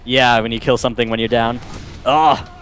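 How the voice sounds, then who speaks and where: Excitable man doing game commentary. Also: medium pitch, slight background noise. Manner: excitable, quick exclamations while playing. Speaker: gameplay commentator.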